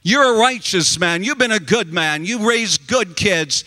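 A man's voice: sits high, animated, a little slow, sharp tone, exaggerated voice. A man preaching voices a bitter, angry wife who keeps questioning her husband's faith. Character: bitter angry wife, middle-aged woman.

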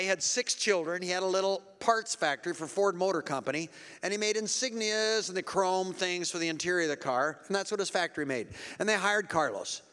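High, bright-voiced fervent male preacher. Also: long reverb tail. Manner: animated, builds to shouted fervor; calls out to the audience for applause. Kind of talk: sermon storytelling to a congregation.

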